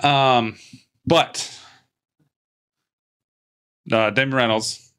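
Lowish-voiced guy rambling thru a movie recap, jokey, keeps restarting sentences. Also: a little slow, long pauses, a bit bright. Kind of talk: casual chat recapping a movie.

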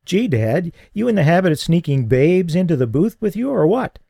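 A man voicing a teenage boy in an audiobook, pitching his voice up high and sounding strained and urgent. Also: big pitch swings, moderate pace, gravelly, dark tone, no echo, studio quality, exaggerated voice. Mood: teasing. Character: teenage boy, cheeky then frightened.

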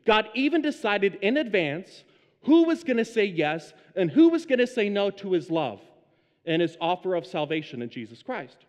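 A man's voice: high voice, big pitch swings, moderate pace, big-room sound. A pastor preaching an emphatic sermon and putting questions to his congregation.

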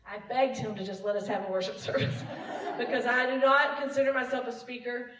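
A woman's voice: on the high side, fairly even intonation, brisk, recorded from a distance, noisy background. A woman who leads praise and worship, giving a casual, self-deprecating testimony sermon to her church and laughing often. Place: church sanctuary. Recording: echoey room, mic from afar.

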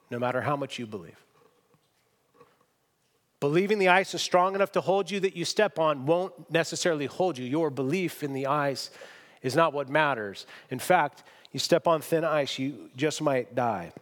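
A man's voice: on the high side, moderate pace, big-room sound. A man preaching a sermon as pastor, emphatic and self-deprecating as he tells a story to his church. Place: church sanctuary.

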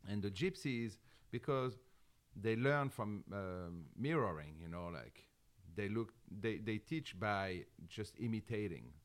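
A man's voice: on the low side, expressive, takes it slowly. A man from France with a French accent, answering interview questions in a thoughtful, explanatory way with frequent "you know"s. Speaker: guest musician.

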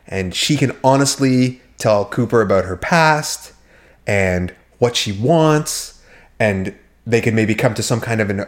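A man co-hosting a podcast, telling rambling, profane stories in casual chat with many restarts. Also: mid-range voice. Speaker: podcast co-host.

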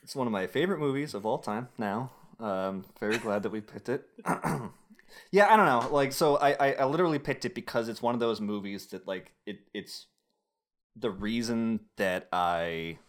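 A man's voice: mid-range voice, normal speed. A young man hosting a casual podcast chat, rambling and restarting his sentences, laughing often. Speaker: podcast host.

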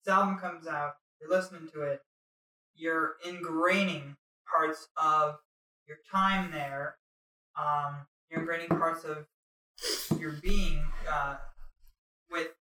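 A young woman from Minnesota hosts a casual chat, joking and tossing in quick asides. Her voice is bright and forward. The room rings and she sits back from the mic. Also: low voice, fairly even intonation. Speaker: podcast host. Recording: roomy and distant.

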